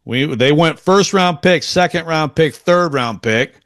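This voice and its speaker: A man's voice: a little high, measured pace, fairly bright tone. A man co-hosting a casual sports talk show, rambling and restarting his sentences, chuckling as he goes. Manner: rambling, self-interrupting, chuckles often. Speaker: sports podcast co-host.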